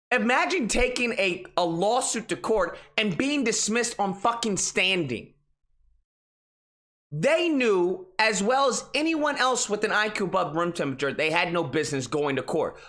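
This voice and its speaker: A man's voice: very high-pitched, sharp tone. A young man hosting an online commentary show, ranting in a casual, exasperated and profane way. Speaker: political commentary host.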